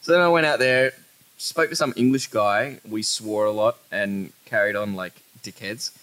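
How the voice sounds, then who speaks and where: A man's voice: lowish voice, moderate pace, a bit bright, poor audio. A man in his thirties with an Australian accent, a podcast co-host telling stories in casual chat, swearing freely and breaking into laughter.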